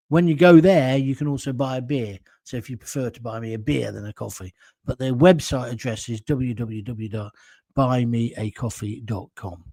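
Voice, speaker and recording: A man's voice: mid-range voice, warm tone, no room sound. A middle-aged British man with a blunt, jokey manner, hosting a casual solo commentary show and reading out viewer comments. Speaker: show host.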